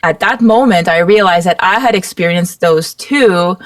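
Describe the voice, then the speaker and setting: A woman's voice: fairly low pitch, normal speed, no echo. A woman recalling a past experience in a reflective way during casual conversation. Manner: reflective recollection. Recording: distant from the mic.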